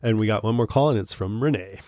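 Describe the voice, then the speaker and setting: A man hosts a relaxed podcast, reading listener emails and reacting to them with frequent laughter. His voice sits low, and the recording is close and dry with no room sound. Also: fast talker, no echo. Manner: chatty, laughs often. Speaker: podcast host.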